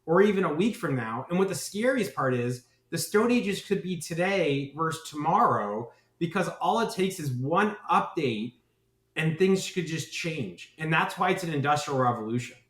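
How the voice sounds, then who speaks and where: A man's voice: fairly high pitch, expressive, normal speed, fairly bright tone, reverberant. A man who founded a marketing agency, speaking as a podcast guest, talking with enthusiasm and rambling, often tagging his points with "right?". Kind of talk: podcast interview.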